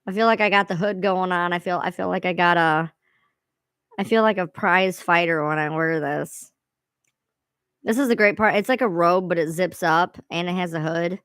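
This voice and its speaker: A woman's voice: fairly low pitch, normal speed, fairly bright tone, smooth, no echo. A woman hosting a casual livestream, rambling and swearing freely as she chats to viewers. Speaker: livestream host.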